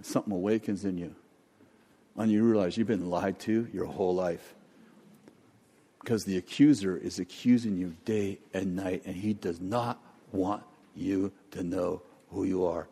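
A man preaching a sermon and leading prayer, animated, often acting out quoted voices. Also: sits low, measured pace, husky. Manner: animated, acts out quoted voices, jokes about accents. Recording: long hall reverb.

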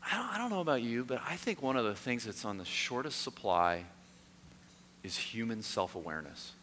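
Bright-voiced pastor in an echoey hall. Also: male voice, mid-range voice, fairly quick, slight background noise. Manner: conversational storytelling, lively and self-mocking. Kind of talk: sermon.

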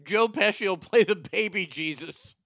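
A man's voice: high voice, moderate pace, a bit bright, no room sound, studio quality. A man hosting a talk show, riffing in casual, irreverent, joking banter.

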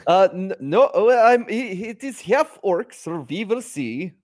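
A man's voice: high voice, very animated, measured pace, darkish tone, dry recording. A man co-hosting a casual chat over a video call, rambling through fillers and restarts. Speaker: podcast co-host.

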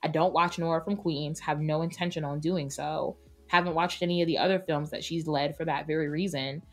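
A woman co-hosting a podcast roundtable, talking in an emphatic, opinionated, animated way. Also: low-pitched, brisk, soft background music. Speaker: podcast co-host. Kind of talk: casual roundtable chat.

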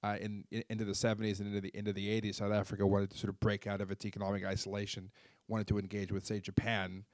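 A man's voice: on the low side, completely flat delivery, no room sound. A man answering as a guest, explaining history and often restarting his phrases. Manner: halting, repeats words at starts of phrases.

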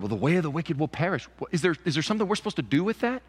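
A man's voice: on the high side, lively intonation, very fast, few pauses, breathy edge, soft background music. A man preaching a sermon as pastor, emphatic, repeating key phrases. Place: church sanctuary. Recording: church hall reverb.

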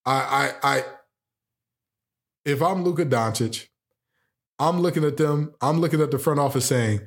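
A man's voice: on the high side, measured pace, pauses often. Emphatic, sarcastic man on sports talk. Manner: animated and emphatic, full of rhetorical questions; sarcastic jokes and exclamations. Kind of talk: opinionated sports commentary.

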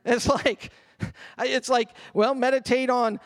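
An older man, a pastor, delivering an animated sermon that drops at times to a murmured prayer. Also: extremely high pitch, unhurried. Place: church hall. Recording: long reverb of a church hall.

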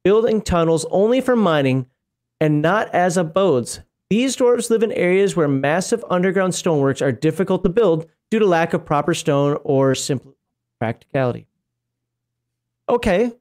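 A man's voice: high-pitched, lively intonation, normal speed, darkish tone. A man co-hosting a casual talk show, reading lore aloud and rambling into asides with frequent laughs. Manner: rambling, stops to laugh and comment. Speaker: podcast co-host reading game lore.

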